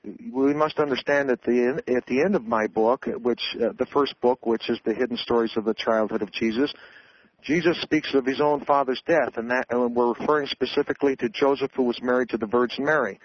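Brisk and medium-pitched, the male author lectures earnestly about his views on the radio, often breaking off to restart sentences. There's slight background noise over the dull, dry audio.

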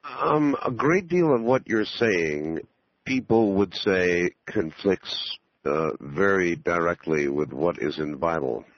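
A man hosting a radio interview, asking his guest measured, probing questions. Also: deep voice, lively intonation, no echo. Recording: dull, dry radio audio.

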